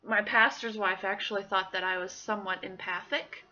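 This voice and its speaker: Vlogger, woman in her thirties, bright chatty storyteller, slightly muffled home recording. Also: medium pitch, fairly even intonation, moderate pace. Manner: chatty storytelling, acts out quoted voices. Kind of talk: casual personal diary vlog.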